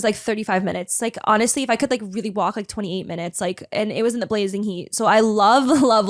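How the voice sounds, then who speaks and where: Fast-talking chatty young woman, dry close mic. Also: on the high side, no room sound. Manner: chatty, animated, full of "like" fillers. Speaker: podcast host. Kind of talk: casual storytelling monologue.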